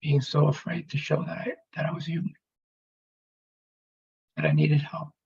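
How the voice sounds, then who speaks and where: A man telling his near-death story as emotional personal testimony, halting and pausing as he speaks. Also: a little high, little pitch movement, vocal fry, darkish tone, muffled recording, a little hiss or hum. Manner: halting, emotional, with pauses and restarts.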